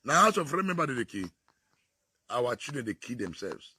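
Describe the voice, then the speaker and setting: A man's voice: medium pitch, brisk, husky, no echo. A man with a Nigerian accent, talking about society in casual Pidgin with an exclamatory delivery. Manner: animated, exclamatory.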